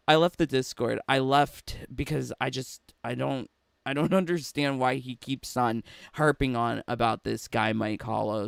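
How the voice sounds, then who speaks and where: A man's voice: medium pitch, vocal fry, no echo, clean studio sound. A man giving a casual, chatty commentary monologue as a gaming YouTuber, laughing between phrases and restarting often.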